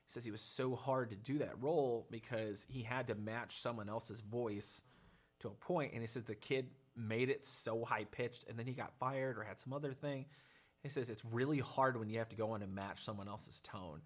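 A man's voice: medium pitch, fairly even intonation, moderate pace. A man on a podcast in casual chat, telling long rambling anecdotes about voice acting. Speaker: podcast guest.

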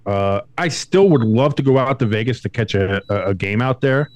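A man co-hosts a casual sports podcast from home, speaking at a moderate pace in an animated, profane style. He mocks other people by putting on high, exaggerated voices.

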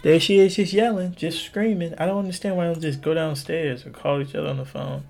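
A young adult man hosting a podcast, ranting casually in a rambling, profane way that jumps between pitches. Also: steady tone, quick pace, gravelly, a little mellow. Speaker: podcast host.

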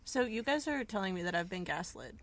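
A woman's voice: mid-range voice, sing-song, a little fast, noisy background. A young woman co-hosting a podcast, joking about herself and playing naive in a casual chat. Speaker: podcast co-host.

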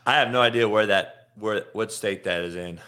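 Blunt, profane man with a bright voice. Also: on the low side, normal speed, smooth. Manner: blunt and mocking, swears often. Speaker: football coach and show host. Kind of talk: casual profane rant.

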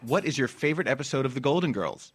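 A male podcast host moves briskly through his questions with wry, teasing banter. He sounds relaxed and in charge of the conversation. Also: mid-range voice, husky. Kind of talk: casual interview chat.

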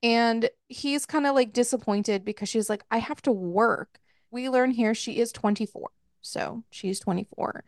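This co-host talks through a book on a podcast in a relaxed, chatty recap, cursing freely and laughing as she goes. Her voice sits on the high side, a little slow and a little mellow, in a dry recording of studio quality.

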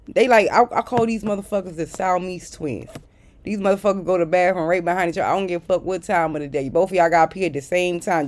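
A woman speaks straight to her viewers in a casual storytime rant. She is blunt, exasperated and heavily profane. Her voice jumps into loud outbursts, then drops to muttered asides. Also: on the low side. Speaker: vlogger.

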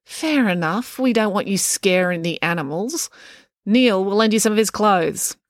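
A woman performs an older character: a stern, blunt former circus aerialist who is brusque and commanding. Her medium-pitched delivery has lively intonation and a moderate pace, set slightly above her natural voice yet close to everyday speech. The recording is dry with clean studio sound.

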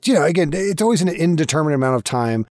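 A man's voice: a little high, expressive, rapid-fire, a little mellow, no echo, studio quality. A man narrating a tabletop game as game master, playful and dramatic, with frequent swearing.

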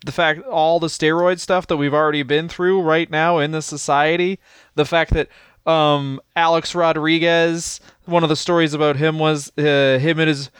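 A man co-hosting a comedy podcast, riffing on crude bits and laughing through them. His voice is smooth and clear, a little high for a man, and the recording is dry. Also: little pitch movement, moderate pace, fairly bright tone, no echo. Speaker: podcast co-host. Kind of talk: casual comedic chat.

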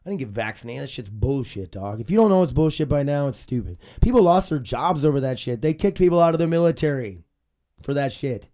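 With a warm, medium-pitched voice and lively intonation, he talks a little fast. He's a podcast host in his forties, rambling, profane, and ranting on a casual show, stuffy and congested from a cold.

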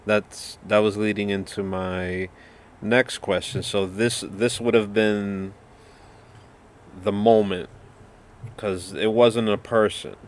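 A man hosting a podcast, asking his guest gentle, probing questions. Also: on the low side, steady tone, slow. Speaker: podcast host. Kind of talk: interviewing a guest.

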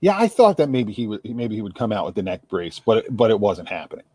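Husky South Jersey man co-hosting. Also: on the low side, very animated, quick pace, dark tone, no room sound. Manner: chatty, rambling, repeats words while thinking. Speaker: podcast co-host. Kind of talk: casual sports radio chat.

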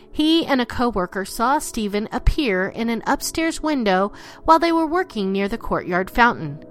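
Lively, dramatic woman storyteller. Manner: expressive, drops low and slows for spooky lines. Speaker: narrator.

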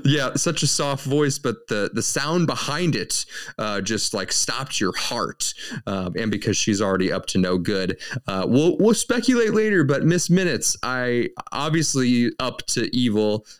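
A man's voice: mid-range voice, very animated, measured pace, clean tone. A man co-hosting a podcast, recapping a show in a rambling, casual way with lots of fillers and restarts. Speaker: podcast co-host.

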